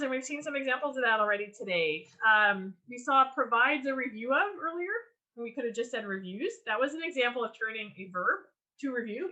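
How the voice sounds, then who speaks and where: A woman leading an online writing workshop over a video call, teaching in a lively, enthusiastic way with frequent ums and restarts. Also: on the high side, low-quality recording. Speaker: workshop leader.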